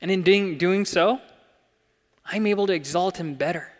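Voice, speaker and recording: A young man preaching a sermon in a church, earnest, swelling to emphatic peaks and dropping soft. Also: high voice, normal speed. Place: church hall. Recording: long hall reverb.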